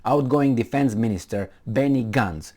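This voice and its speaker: A man's voice: medium pitch, unhurried, a little mellow. A man giving casual, sarcastic commentary on a news story he reads aloud, rambling with many fillers and restarts.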